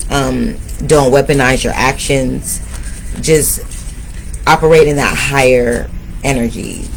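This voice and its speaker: A man's voice: mid-range voice, a little hiss or hum, low-quality recording. A man giving a tarot reading, speaking straight to his viewers and urging them on. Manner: motivational, addresses viewers directly. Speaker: tarot reader.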